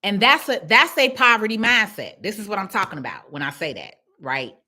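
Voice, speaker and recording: Emphatic, preachy woman with a bright voice. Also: medium pitch, big pitch swings, fairly quick. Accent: Chicago. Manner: preachy, emphatic, repeats herself. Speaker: small business owner speaking live to followers. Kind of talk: casual live-stream pep talk.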